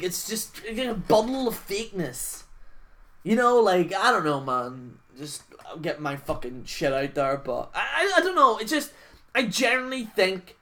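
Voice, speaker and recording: A woman's voice: medium pitch, sharp tone, slight background noise. A woman on a wrestling channel ranting off the cuff, rambling and swearing, padding every thought with fillers and scoffing at others. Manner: rambling, profane, full of "like" fillers; scoffing, mocks others with put-on voices. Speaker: wrestling YouTuber. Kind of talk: unscripted rant.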